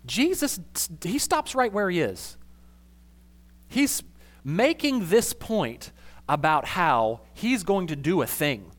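A man preaching a conversational sermon as a pastor, casual and animated, with slangy asides. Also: high voice, slow.

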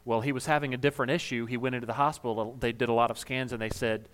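A man's voice: mid-range voice, fairly even intonation, rapid-fire, hardly any pauses, a bit bright. A male pastor speaking conversationally to his congregation, sharing a story about a church member. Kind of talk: informal sermon.

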